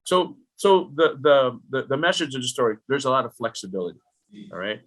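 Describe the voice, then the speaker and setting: A middle-aged man explaining retirement planning as a podcast guest, lively and full of rhetorical questions aimed at the listener. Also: medium pitch, fairly quick. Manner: animated, rhetorical questions, talks directly to the listener.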